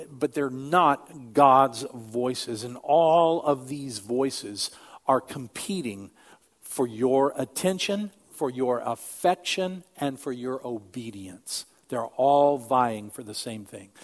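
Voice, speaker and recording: An older man, a pastor, preaching a sermon in an earnest, emphatic way that drops to quiet asides. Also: medium pitch.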